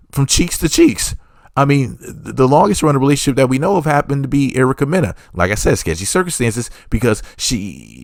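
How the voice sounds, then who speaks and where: A man's voice: mid-range voice, no room sound, studio quality. A man working as an entertainment reporter, giving rambling, sarcastic gossip commentary that he keeps padding with mock disclaimers.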